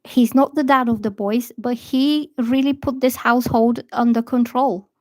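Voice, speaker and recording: A woman chatting bluntly on a livestream as a tarot reader, telling a story in an animated way. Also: a little high, moderate pace, no room sound. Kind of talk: casual livestream chat. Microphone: phone or laptop.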